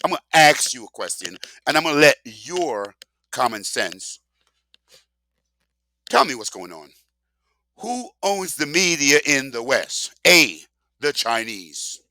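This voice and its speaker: A man's voice: mid-range voice, big pitch swings, takes it slowly, pauses often, pushed and bright, dry recording. An older man ranting sarcastically in a casual monologue, emphatic and rambling, full of rhetorical questions. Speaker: vlogger.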